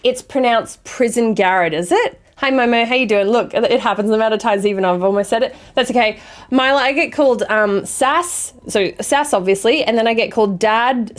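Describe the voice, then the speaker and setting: A young adult woman streamer chatting casually with her viewers, swearing freely and apologizing quickly. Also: medium pitch. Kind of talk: casual chat reading viewer messages.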